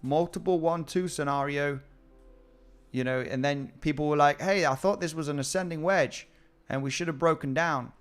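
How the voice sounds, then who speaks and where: A man's voice: a little high, moderate pace, clear, resonant tone, faint music behind. A man hosting a casual live stream about crypto trading, chatting with viewers and often repeating his words.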